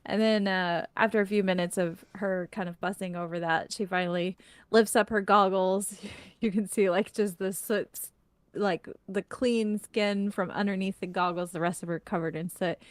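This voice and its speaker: A woman's voice: medium pitch, steady tone, moderate pace, clean tone, no room sound. Casual woman narrating a tabletop game. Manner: casual, filler-heavy narration. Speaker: game master.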